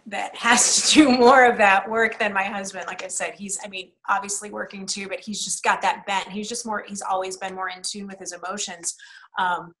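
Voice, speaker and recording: Middle-aged woman guest, earnest and reflective, bright edge to the voice. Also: mid-range voice, low-quality recording. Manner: earnest, reflective, thinking aloud. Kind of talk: personal conversational interview.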